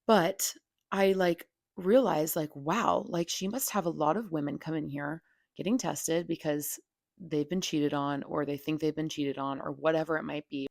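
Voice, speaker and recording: A young woman hosts her own podcast in a candid, opinionated monologue. Her voice sits low and carries a gravelly fry. The sound is close and dry, and her delivery is frank, casual and full of fillers and swearing. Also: fairly even intonation, normal speed, a little mellow, dry recording. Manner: blunt and frank, heavy filler "like", swears freely. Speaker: podcast host.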